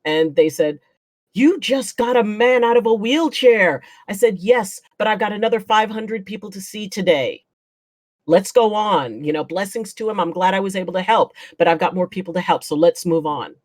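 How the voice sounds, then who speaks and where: A woman with a slightly low voice chats casually as a guest. She tells her stories with animation, acting out what people said and breaking into laughs. Her voice sounds dry and close, with no room echo. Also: brisk. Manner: animated, acts out quotes, laughs often. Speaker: guest chiropractor. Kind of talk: casual storytelling chat.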